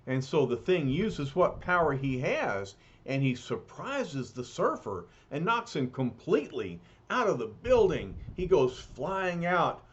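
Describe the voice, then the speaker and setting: A man reading a comic story aloud with dramatic narration. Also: a little high. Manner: slow, animated, dramatic narration. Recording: dull lo-fi recording.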